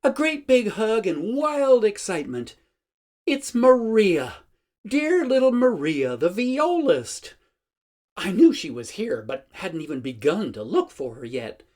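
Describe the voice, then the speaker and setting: A man's voice: high voice, very animated, unhurried, a little mellow. A man in his sixties reading his own travel journal aloud in a dramatic, wry manner. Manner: dramatic, wry, savoring each phrase. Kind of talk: expressive reading of a personal journal.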